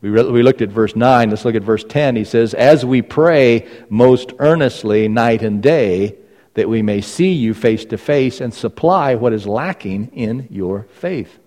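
A man's voice: lowish voice, darkish tone. A man preaching a sermon as pastor, emphatic and repeating phrases for stress. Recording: long reverb of a large hall.

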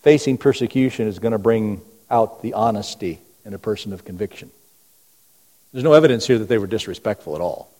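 A man's voice: animated, fairly quick. Man preaching in a reverberant sanctuary. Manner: preaching with rhetorical questions, swinging between booming and hushed. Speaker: pastor. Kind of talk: sermon. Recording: long hall reverb.

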